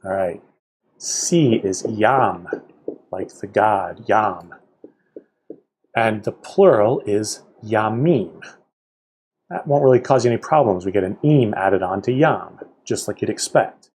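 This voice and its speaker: Male teacher, husky and low, unhurried, careful drill of vocabulary words. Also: expressive, a little mellow. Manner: slow, careful pronunciation with explanations. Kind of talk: vocabulary lesson read aloud.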